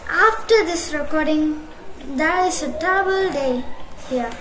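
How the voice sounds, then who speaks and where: A woman giving casual gameplay commentary as a streamer, excitable and apologetic, with sudden bursts of shouting. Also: high-pitched, a little slow. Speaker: mobile game streamer. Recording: echoey room, loud background noise. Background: loud ongoing noise and clicks.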